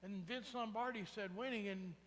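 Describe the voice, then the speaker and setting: High-voiced preacher in reverb. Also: male voice, normal speed, fairly bright tone. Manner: conversational, asks the congregation "right?". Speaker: pastor. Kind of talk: sermon. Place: church sanctuary. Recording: reverberant church sanctuary.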